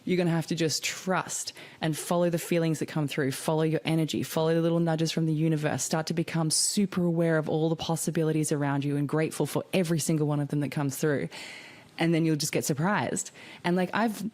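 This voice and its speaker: A young woman with a low-pitched voice talks through a casual podcast monologue. She is candid and chatty, leans on fillers like "like" and "you know", and swears freely. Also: fairly even intonation, fast talker, a little mellow. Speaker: podcast host.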